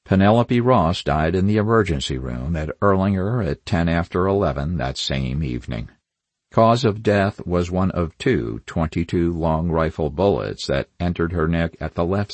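Husky, lively male crime narrator. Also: very deep voice, no room sound. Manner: wry, hard-boiled, dry asides. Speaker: audiobook narrator. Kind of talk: first-person crime novel narration.

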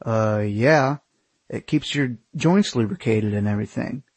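A man doing a naive young guy, husky and slightly raised, puzzled and plain-spoken. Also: mid-range voice, measured pace, a little mellow, no room sound. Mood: matter-of-fact. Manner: baffled, matter-of-fact.

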